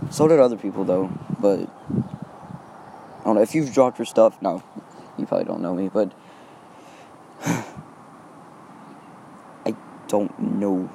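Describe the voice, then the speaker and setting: This Texas teenager has a lowish, creaky voice and is recording his solo podcast outside in the wind, so there's background noise. He meanders hesitantly and fills gaps with the same fillers again and again.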